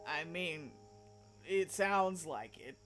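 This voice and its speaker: A woman's voice: sits low, animated, takes it slowly, fairly bright tone, soft background music, voice pushed down, heavily acted. A woman with a Southern US accent voicing a curious friend in a visual novel who keeps asking what happened. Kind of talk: reading a visual novel aloud.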